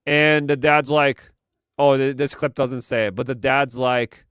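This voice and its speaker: A man's voice: mid-range voice, fairly even intonation, unhurried, fairly bright tone, clear, resonant tone, dry recording, clean studio sound. A man hosting a live commentary stream, talking in a sarcastic, exasperated way. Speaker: streamer host.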